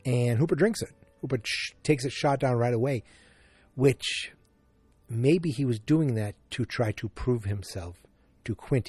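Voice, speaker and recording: A man's voice: medium pitch, darkish tone, breathy edge, no echo. A man hosting a casual solo podcast, thinking aloud and rambling with restarts. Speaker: podcast host.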